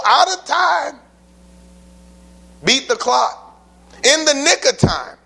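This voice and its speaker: A man's voice: sits high, fairly bright tone. A man preaching a sermon to a congregation in a church, emphatic and folksy, pressing his point with rhetorical questions. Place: church building before a congregation.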